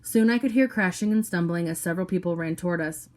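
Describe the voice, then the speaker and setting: A woman reads a novel aloud in the first person. Her storytelling is steady and low-key, set in a lowish register. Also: fast talker. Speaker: audiobook reader.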